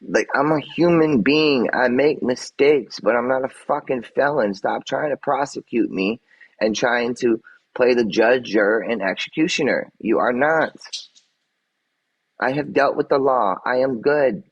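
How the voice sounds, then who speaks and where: A man's voice: mid-range voice, measured pace, husky, dull audio. An agitated man on a livestream answering his chat, defensive and swearing, repeating himself as he vents. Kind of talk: livestream rant.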